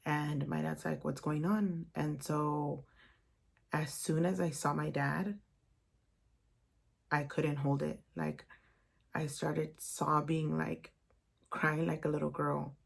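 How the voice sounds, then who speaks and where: A young woman recounts a painful memory to her vlog audience, her words halting and emotional, with many "like"s and "um"s. Her voice sits low and barely rises or falls, with a gravelly fry running through it. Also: flat delivery. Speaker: vlogger. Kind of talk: personal storytime vlog.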